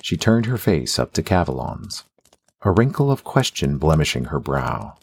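A male narrator reading a fantasy audiobook in a steady, even manner. His voice is extremely deep and gravelly, with a husky grain. It suits long descriptive passages. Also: moderate pace.

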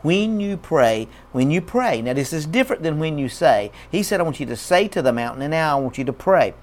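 A man's voice: on the high side, sing-song, a little fast. A man preaching a sermon as a pastor, emphatic and repeating key words.

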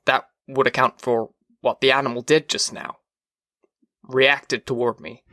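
A man voicing an uneasy, brooding fireman in an audiobook reading, hesitant and quiet. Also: mid-range voice, little pitch movement, a little slow, no echo, studio quality.

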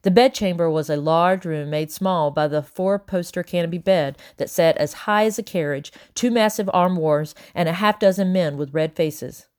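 Woman audiobook narrator, steady, measured, lowish. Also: clean tone. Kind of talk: first-person audiobook narration.

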